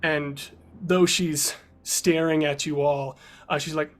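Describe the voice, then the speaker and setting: A man's voice: on the high side, fairly even intonation, slow. A man narrating a tabletop game as game master, with loose, filler-heavy narration.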